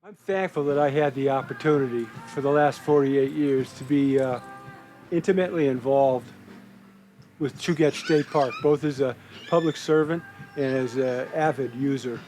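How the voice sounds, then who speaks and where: A man's voice: medium pitch, moderate pace, darkish tone, low-quality recording. An older man who worked for a state park, telling a story in a documentary interview and acting out the quotes.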